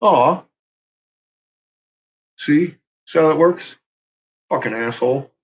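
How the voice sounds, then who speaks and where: A man with an animated, mid-range voice rants unhurriedly on a live stream, casual and profane. He laughs often and calls out to viewers by name, and the recording sounds muffled and lo-fi.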